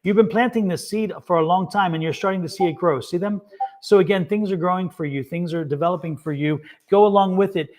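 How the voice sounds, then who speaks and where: A man with a high-sitting, darkish voice talks a little fast. He is a tarot reader co-hosting a live reading session, chatting casually on the livestream, laughing often and repeating himself.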